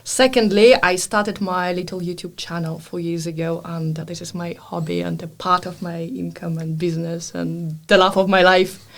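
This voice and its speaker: A woman in her thirties from Russia, with a Russian accent, speaking as a guest in a podcast interview. She tells lively stories and laughs often. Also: on the low side, normal speed, vocal fry, few pauses. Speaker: guest, business consultant. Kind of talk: podcast interview, casual chat.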